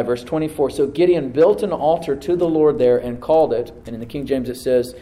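A man preaching to a congregation, reading scripture aloud and then dropping to a soft voice to stress a point, calling for responses from the room. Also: mid-range voice, brisk, few pauses, echoey room, poor audio. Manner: asks the congregation to answer back. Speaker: pastor. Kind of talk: sermon. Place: church service with a live congregation.

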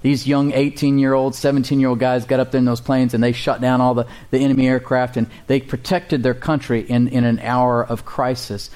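A man preaching from the pulpit in a mid-range voice. He calls out to his congregation for responses and slows to a careful, deliberate pace when reading scripture. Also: medium pitch, flat delivery, a little mellow, smooth. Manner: reads scripture slowly and deliberately. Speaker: pastor. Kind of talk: sermon.

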